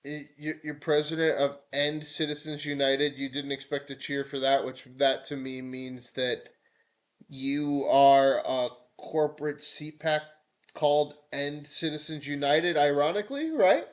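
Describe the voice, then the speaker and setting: A man's voice: on the high side, unhurried. A man live-streaming political commentary, irreverent and mocking, breaking into whiny put-on voices.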